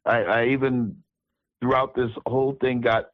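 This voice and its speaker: Halting older man telling stories. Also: medium pitch, flat delivery, no echo, phone-quality sound. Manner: halting, repeats words while telling stories. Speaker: musician guest. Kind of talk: casual storytelling interview.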